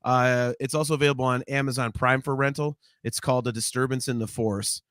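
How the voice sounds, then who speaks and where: Bright-voiced male podcast host. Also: medium pitch, steady tone, fairly quick, dry recording, studio quality. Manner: giggly, reads listener comments aloud. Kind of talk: casual podcast chat.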